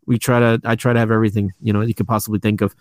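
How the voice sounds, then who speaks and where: A man's voice: lowish voice, little pitch movement, racing, dry recording. A man with a New York accent, a toy store owner chatting on a podcast in a rambling way, full of fillers and restarts. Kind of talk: casual podcast chat.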